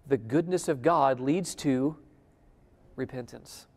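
A man preaching a sermon at a conference. He swings between loud emphasis and a hushed near-whisper, and he keeps asking the audience questions. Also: mid-range voice, slow pace. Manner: addresses the audience directly with questions. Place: conference hall before a live audience. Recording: long hall reverb.

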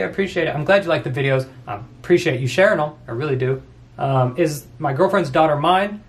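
A young man in his twenties with a fairly high voice runs through viewer questions in a loose, casual vlog. He reads each comment aloud and answers with quick jokes and frequent laughs. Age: 20s. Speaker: YouTuber answering fan questions.

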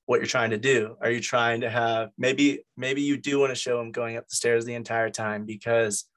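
Guy losing his voice, pretty flat, just chatting through it loosely like a meeting. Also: mid-range voice, normal speed. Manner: loose, conversational, filler-heavy. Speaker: group meeting leader. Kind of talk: casual explanatory talk. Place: online group meeting.

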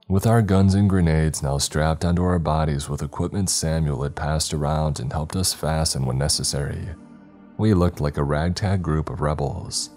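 A man narrating a horror story in a slow, measured, dramatic reading. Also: extremely low pitch, fairly even intonation, a little mellow. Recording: faint background music.

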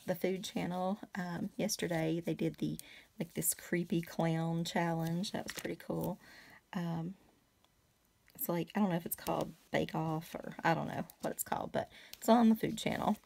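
Low gravelly-voiced woman chatting while crafting. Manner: rambling, chatty, many fillers, soft asides. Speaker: craft vlogger. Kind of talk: casual crafting chat.

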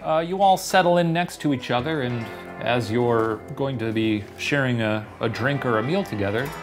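A man's voice: medium pitch, moderate pace, over music. A man running a tabletop game as game master, hesitant and full of fillers, narrating and voicing a tavern keeper. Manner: hesitant, with many fillers and restarts.

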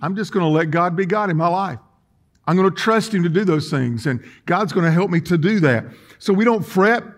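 A man preaching a sermon in a church, folksy and emphatic, swinging between quiet and loud. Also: high-pitched, animated, a little fast. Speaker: pastor. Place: church sanctuary.

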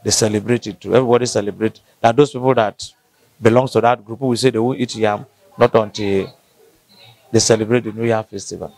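Nigerian man, interviewee, halting delivery, dry recording. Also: fairly low pitch, fairly even intonation, a little mellow, no echo. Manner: halting, restarts often, slow to find words. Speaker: interviewee from the local community. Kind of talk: casual interview answers.

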